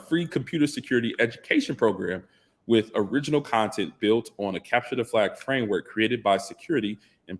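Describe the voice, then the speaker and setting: A man hosting a casual live stream, answering chat questions in a conversational way and often repeating himself. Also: fairly low pitch. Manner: conversational, reads chat aloud, repeats "absolutely". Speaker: livestream host.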